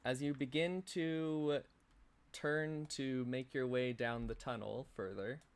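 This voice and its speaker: A man narrating a tabletop game as game master, playful and unhurried. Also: medium pitch, steady tone, smooth.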